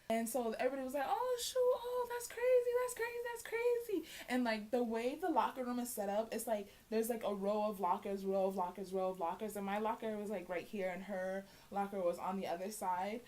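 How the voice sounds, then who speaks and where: A young woman vlogger telling a storytime tale in a casual, animated way, acting out the voices of the people in it. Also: mid-range voice, a little fast. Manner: animated, acts out quoted voices. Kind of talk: storytime vlog.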